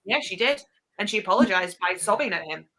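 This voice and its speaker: A woman's voice: mid-range voice, animated, fast talker, bright, forceful tone. A woman guest in a casual chat, talking in a chatty, wry way.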